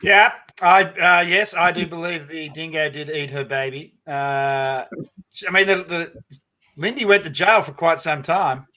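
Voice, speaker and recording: An Australian comedy performer chats in a relaxed, chuckling way. His voice is bright and slightly high, and it comes through as dull, muffled video-call audio. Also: unhurried. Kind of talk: jokey panel banter.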